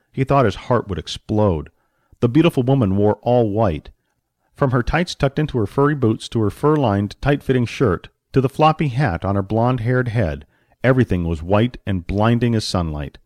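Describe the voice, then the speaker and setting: Expressive male audiobook narrator. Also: on the low side, moderate pace, no echo, studio quality. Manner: expressive storytelling with varied pacing.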